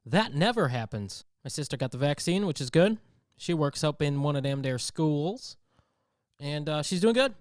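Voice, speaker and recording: Brief: comedic podcast host, animated storyteller, clear voice, dry sound. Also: male voice, on the high side, moderate pace, dry recording. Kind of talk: comedic rant.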